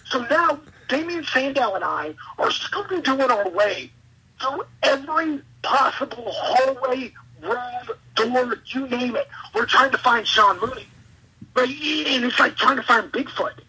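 Very raspy, gravelly man telling a story. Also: very high voice, poor audio. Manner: excitable, rambling, quick asides. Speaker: professional wrestler, guest. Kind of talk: casual interview storytelling.

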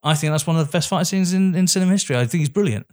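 Man, fast-paced, excitable, sweary, casual film chat. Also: on the high side. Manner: excitable, sweary, laughs often.

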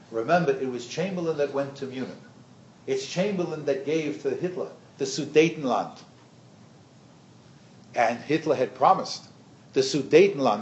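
An older man, a history professor, lecturing teachers in a lively storytelling way and acting out the quoted voices. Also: medium pitch, roomy sound, lo-fi sound.

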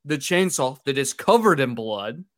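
A man's voice: medium pitch, animated, a bit bright, dry recording. Male podcast co-host, mid voice, dry mic, jokey plot summaries. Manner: joking, crude, brisk plot summary. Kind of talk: casual chat and plot recap.

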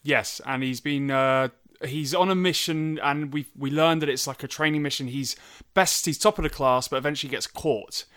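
A man's voice: a little high, steady tone, moderate pace, hardly any pauses, fairly bright tone, clean tone. A man co-hosting a podcast, eagerly retelling a film plot in casual chat. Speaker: podcast co-host.

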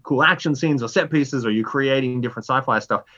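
Rambling man telling stories, lo-fi sound. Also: a little fast. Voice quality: rambling, lots of "like" fillers. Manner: animated storyteller, jumps pitch for inner voices. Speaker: writer, interview guest. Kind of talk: casual conversational interview.

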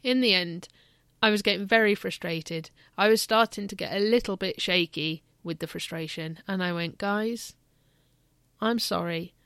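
A woman's voice: lowish voice, normal speed, fairly bright tone, clear, resonant tone, dry recording. A woman and mother telling a candid, reflective personal story in a casual parenting vlog.

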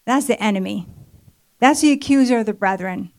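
A woman's voice: on the high side, moderate pace. Woman sharing a church testimony. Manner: conversational storytelling with many fillers. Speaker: speaker at marriage ministry event. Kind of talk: personal testimony sermon. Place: church event hall.

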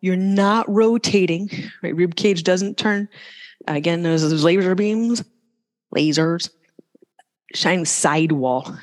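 A yoga teacher giving live cues in a studio with a long reverb tail. The speech is casual and joking between breath and pose counts, at a mid pitch. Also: takes it slowly, pauses often. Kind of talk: live class instruction.

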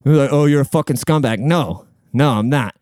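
Brief: young male host, blunt and profane, smooth voice, dry close sound. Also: medium pitch, normal speed, darkish tone, dry recording. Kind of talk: crude casual monologue.

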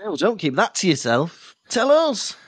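A man's voice: high-pitched, wildly swooping pitch, breathy edge, no room sound. Playful man bantering on a podcast. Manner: playful, eager listener, quick banter. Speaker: podcast co-host. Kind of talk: casual chat.

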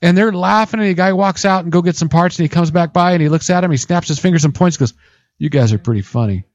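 A man hosting a casual radio talk show, telling lively stories and taking calls. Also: high voice, quick pace, no echo, lo-fi sound. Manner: animated storyteller, mimics voices.

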